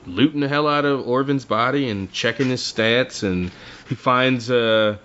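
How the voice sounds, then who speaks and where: Slight background noise sits under this dull lo-fi recording of a podcast co-host summarizing a book. He talks a little slowly at medium pitch, lively in his retelling and acting out what the characters say.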